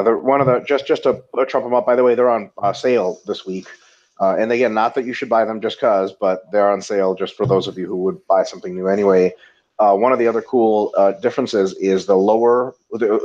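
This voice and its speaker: A man co-hosting a casual webinar, joking and swearing as he tells animated stories. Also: fairly low pitch. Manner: profane, joking, animated storytelling. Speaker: webinar co-host. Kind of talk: casual chat. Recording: dull lo-fi audio.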